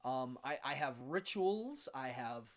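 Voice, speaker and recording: A man's voice: mid-range voice, lively intonation, a little slow. A man from Pennsylvania, a stage magician, hosting a casual livestream and chatting with viewers in a loose, chuckling way. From Pennsylvania, USA. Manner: chatty, answers viewer comments, chuckles often.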